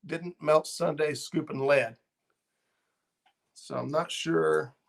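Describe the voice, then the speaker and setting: Hosting a fishing channel livestream, a middle-aged man chats casually and rambles, filling gaps with ums and uhs while reading viewer comments. He speaks slowly in a higher-than-average, steady voice with vocal fry.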